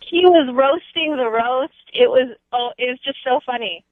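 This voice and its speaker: A woman's voice: high-pitched, moderate pace, no room sound. A woman calling in to a radio show over the phone, gushing as an enthusiastic fan. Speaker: caller. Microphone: telephone. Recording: tinny phone line.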